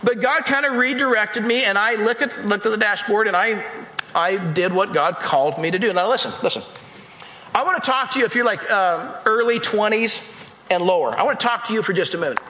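High, bright-voiced male pastor preaching. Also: a little fast, slight background noise. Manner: emphatic, repeats phrases, addresses the congregation directly. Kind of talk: sermon. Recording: echoey hall with long reverb.

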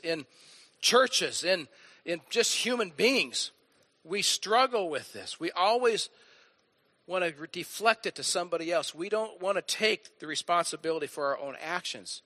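Male pastor, middle-aged, bright slightly high voice, emphatic sermon delivery. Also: dry recording. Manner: animated, emphatic preaching with rising bursts.

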